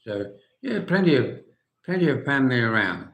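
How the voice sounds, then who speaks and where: A man's voice: medium pitch, big pitch swings, a little fast, a bit bright, reverberant, rough recording. An older man from England hosting a live stream, chatting casually and answering viewer comments with dry humour. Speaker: livestream host.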